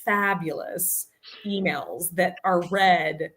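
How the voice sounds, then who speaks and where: A woman guest on a podcast, telling a funny story in casual chat with lots of laughter and quick asides. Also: fairly low pitch, fairly bright tone.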